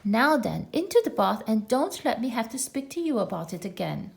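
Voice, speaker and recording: A woman's voice: fairly high pitch, big pitch swings, moderate pace, creaky. A woman voicing a kindly but firm mother kangaroo in a storybook reading, cheerful and soothing.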